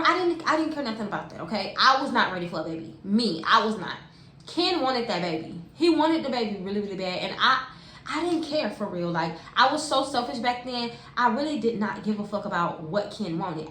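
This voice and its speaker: Young woman, higher voice, animated and slangy storytime delivery straight to camera; echoey room. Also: brisk. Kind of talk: casual storytime vlog. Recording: echoey room with faint hiss.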